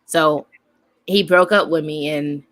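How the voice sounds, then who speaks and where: A young woman co-hosting a casual group chat, telling a story in an animated, slangy way with frequent laughter. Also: sits low, slow. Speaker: co-host.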